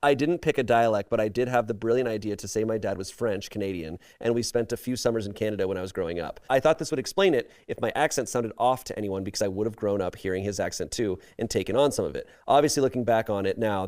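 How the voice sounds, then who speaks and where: A man's voice: on the low side, quick pace, few pauses, darkish tone. A man reading a story and comments aloud as a comedy podcast host, breaking off into laughter now and then. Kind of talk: reading posts aloud, casual podcast chat.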